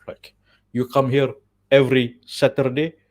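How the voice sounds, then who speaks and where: A man's voice: mid-range voice, level tone, a little slow, close to an everyday voice. A man voicing a generous, insistent Arab restaurant owner with an Arabic accent, in emphatic clipped broken English.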